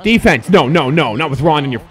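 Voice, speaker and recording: A young man streaming a basketball video game, giving excitable, profane commentary and shouting at his players. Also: fairly high pitch, fairly quick. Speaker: gaming streamer.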